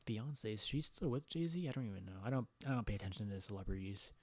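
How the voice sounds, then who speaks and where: A man hosting a casual live chat with callers, relaxed and stammering, often laughing. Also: lowish voice, quick pace, no room sound. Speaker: livestream host taking callers.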